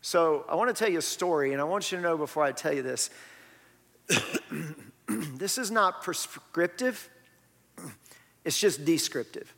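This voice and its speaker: A man preaching in a church, his voice a touch higher than most men's. He talks to the congregation like a friend, firing off rhetorical questions. His words ring out with a long reverb through the hall. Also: lively intonation, measured pace, long pauses, a bit bright. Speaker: pastor. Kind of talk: sermon.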